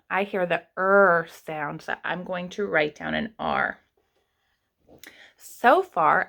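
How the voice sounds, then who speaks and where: A young adult woman teaching an online kindergarten writing lesson, sounding out words slowly and patiently for young children. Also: medium pitch, creaky, fairly bright tone. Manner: slow, sounding out words step by step.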